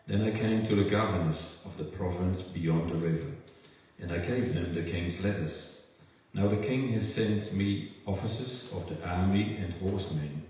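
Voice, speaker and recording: A man with a Dutch accent reading aloud from the Bible in church, careful and a little halting, correcting himself now and then. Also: deep voice, mellow, a little hiss or hum. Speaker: scripture reader. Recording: echoey hall, distant mic.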